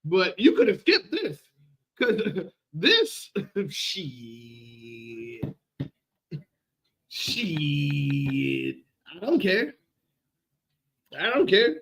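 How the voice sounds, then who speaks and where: A man ranting on a casual livestream, animated and repetitive, often laughing. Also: sits high, slow pace, pauses often.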